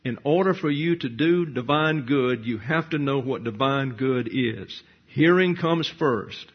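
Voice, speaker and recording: A man's voice: medium pitch, a little slow, husky, dull audio. A man preaching a verse-by-verse sermon, teaching point by point, answering his own rhetorical questions and dropping dry, wry asides.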